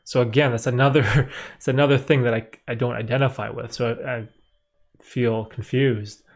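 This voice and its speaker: A man's voice: mid-range voice, steady tone, normal speed. A young man from Canada hosting a casual live stream, answering viewer questions in a rambling way with many fillers and restarts.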